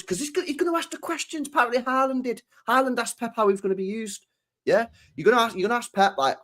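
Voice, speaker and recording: A man from England, talking football on a podcast in a casual, animated way that is full of swearing. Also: high voice, fast. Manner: animated, swears a lot, acts out quoted voices. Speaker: podcast co-host.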